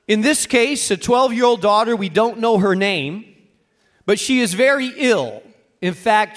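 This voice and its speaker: A man's voice: sits high, fairly bright tone. A man preaching a sermon to a congregation, earnest and rising to emphatic peaks. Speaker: pastor.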